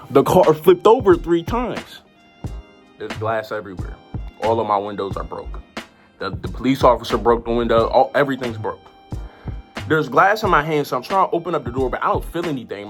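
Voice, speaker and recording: A young woman telling a story in a casual vlog, animated and full of repeated "like"s. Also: a bass voice, brisk, soft background music. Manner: animated, lots of "like" and repeated phrases.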